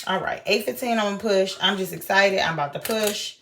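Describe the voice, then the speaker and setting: Animated young woman telling a story. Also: medium pitch, a little fast, a little hiss or hum. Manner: animated retelling, acting out quoted voices. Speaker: vlogger. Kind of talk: casual storytelling vlog.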